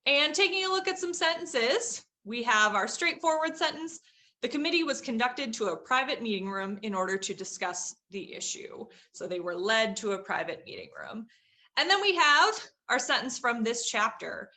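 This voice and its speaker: Bright-voiced woman teaching vocabulary. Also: a little high, big pitch swings, moderate pace. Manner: chatty, many fillers and hedges. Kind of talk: casual vocabulary lesson.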